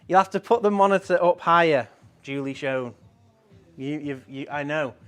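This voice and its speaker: A man's voice: on the high side, moderate pace, a bit bright, smooth, faint music behind. A man hosting a casual live stream, chatting in a rambling way and reading out viewer comments.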